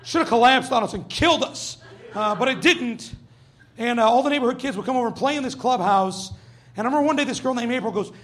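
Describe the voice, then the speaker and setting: High-voiced brash stand-up comic man. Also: quick pace, a bit bright. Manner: brash, profane, acts out quoted voices. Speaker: stand-up comedian. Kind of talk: stand-up comedy set. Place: comedy club stage with audience.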